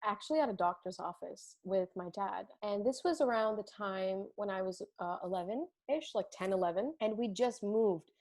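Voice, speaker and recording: A woman's voice: mid-range voice, moderate pace, hardly any pauses, darkish tone. A young woman from India with an American accent, co-hosting a casual podcast and telling stories in an earnest, reflective way. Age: young adult. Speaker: podcast co-host. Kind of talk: casual chat.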